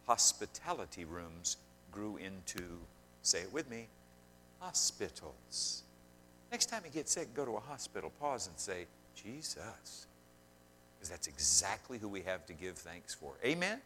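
A man preaching a sermon, swinging between loud emphasis and quiet asides and questioning the congregation directly. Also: sits low, sing-song, moderate pace, slight background noise. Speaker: pastor.

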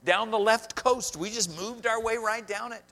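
Male minister, animated sermon storytelling, bright tone, long hall echo. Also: high voice, normal speed. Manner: animated storytelling, addressing audience.

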